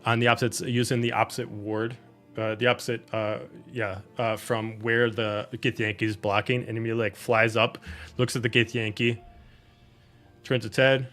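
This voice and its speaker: A man narrating a tabletop game as game master, loose and full of fillers. His voice is bright and forceful at a middle pitch. Faint music sits behind him. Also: little pitch movement, normal speed.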